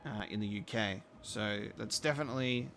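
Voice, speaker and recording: Gravelly man with a mixed Australian-British accent. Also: on the low side, moderate pace, slight background noise. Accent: blend of Australian and British. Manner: relaxed, chatty, reacting to the game and to chat. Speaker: game streamer. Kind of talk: casual live-stream chat. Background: faint game music.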